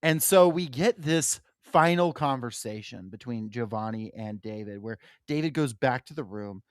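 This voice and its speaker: A man's voice: mid-range voice, moderate pace, no room sound, clean studio sound. A young man co-hosting a podcast, discussing a novel in a loose, profane way with many fillers. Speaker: podcast co-host. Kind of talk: casual book discussion.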